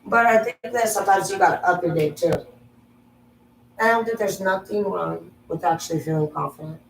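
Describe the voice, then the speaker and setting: A woman's voice: fairly low pitch, moderate pace, gravelly, a little hiss or hum. A woman vlogger going on a crude, brash, rambling monologue. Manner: crude, brash, goes off on tangents. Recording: echoey room, voice from a distance.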